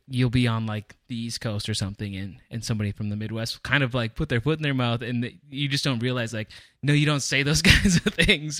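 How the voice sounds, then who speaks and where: A man's voice: medium pitch, no echo, studio quality. A man co-hosting a casual podcast chat, talking in long, thoughtful runs full of fillers. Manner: rambling, thoughtful, many fillers. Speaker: podcast co-host.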